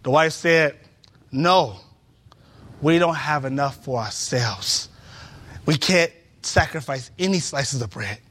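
A man's voice: mid-range voice, takes it slowly, pauses often. A man preaching a sermon in a church, telling stories with acted-out voices and building to emphatic peaks. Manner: animated storytelling, acts out voices, rising to emphatic peaks.

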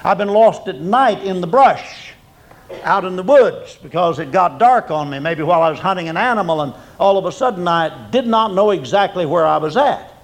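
Folksy, gravelly older preacher. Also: male voice, animated, moderate pace, rough recording. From Oklahoma. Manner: folksy storytelling, swinging from loud emphatic peaks to quiet low drops. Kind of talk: sermon.

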